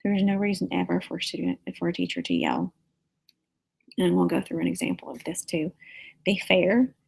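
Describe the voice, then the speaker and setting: A woman's voice: fairly low pitch, fairly even intonation, brisk, vocal fry, a little mellow, slightly rough, poor audio. A woman teacher giving an earnest, practical lecture on managing a classroom, illustrated with stories from school.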